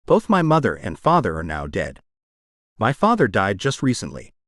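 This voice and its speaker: A man's voice: on the low side, huge pitch swings, moderate pace, fairly bright tone, dry recording, studio quality. A man voicing a guarded, grieving young male heir who speaks in terse, formal phrases in an audiobook. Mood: subdued. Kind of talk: audiobook character voice.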